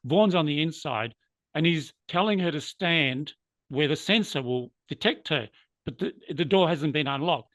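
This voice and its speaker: A man's voice: on the high side, moderate pace, a bit bright, dry recording. Earnest man telling a workplace story. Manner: earnest, moved to emotion at times. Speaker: interview guest. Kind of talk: reflective storytelling.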